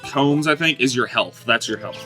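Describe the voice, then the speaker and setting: A young man giving excitable, swear-laden commentary while guiding a friend through a game. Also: medium pitch, moderate pace, music in the background. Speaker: co-host of a gaming channel. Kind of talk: casual gameplay commentary.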